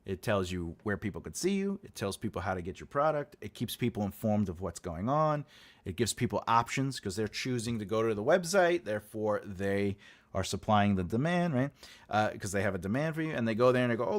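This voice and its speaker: This host of a live writing stream, also a writing teacher, has a voice on the low side and a brisk pace. He rambles loosely with viewers, laughs often, and animatedly performs what other people said.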